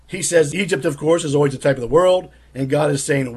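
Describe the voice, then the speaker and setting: A man delivers critical religious commentary in a husky, fairly high voice. He argues insistently and presses his point with rhetorical questions. The delivery is combative and direct. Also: brisk.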